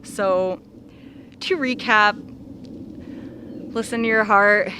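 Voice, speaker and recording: A woman's voice: mid-range voice, steady tone, slow, pushed and bright, slight background noise. A young woman vlogger talking earnestly and casually to her viewers, with lots of fillers and small laughs. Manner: earnest, many "like" fillers, laughs between thoughts. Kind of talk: casual heartfelt talk to viewers.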